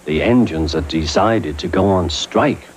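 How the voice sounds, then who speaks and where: A man reading a children's story aloud in a gentle, measured way, as the show's storyteller. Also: sits low, slight background noise. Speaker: storyteller host. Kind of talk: scripted storybook narration. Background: background music.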